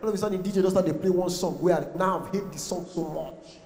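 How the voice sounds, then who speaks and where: This young comedian's high voice moves at a quick pace, and his Nigerian accent shows as he drifts into pidgin. Performing for a live crowd at a large venue whose hall echoes, he acts out the people in his stories with lively, animated voices.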